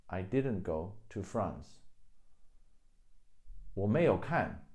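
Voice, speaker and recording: A man's voice: fairly low pitch, very animated, very slow, a little mellow. A man teaching a video language lesson, explaining grammar patiently and repeating each example phrase.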